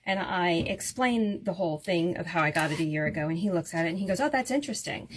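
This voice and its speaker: A woman in her fifties telling a long personal story to the camera in a chatty, animated way. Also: lowish voice, fast talker, a little hiss or hum. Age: 50s. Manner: animated, chatty storyteller who acts out quoted voices.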